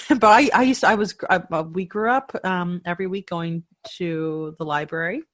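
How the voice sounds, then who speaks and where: A woman's voice: lowish voice, normal speed, a bit bright, dry recording, clean studio sound. A woman hosting a podcast interview who shares anecdotes and asks curious follow-up questions. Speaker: podcast host. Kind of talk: casual interview chat.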